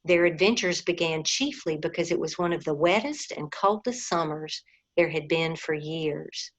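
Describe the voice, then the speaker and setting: A woman reading a storybook aloud, gently, sometimes talking to the listeners directly. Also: low-pitched, normal speed. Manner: gentle, addresses listeners as guys. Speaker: reader. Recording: dull lo-fi recording.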